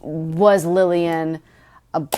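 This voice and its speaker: A woman's voice: sits low, steady tone, very slow, dark tone. A woman co-hosting a podcast, chatting casually about a book with blunt, sweary, sarcastic asides. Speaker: podcast co-host. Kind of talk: casual chat recapping a book.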